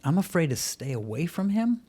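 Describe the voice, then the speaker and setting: Earnest man explaining, animated. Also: fairly high pitch, brisk. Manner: animated storytelling, acting out quoted voices. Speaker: podcast guest. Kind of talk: conversational interview.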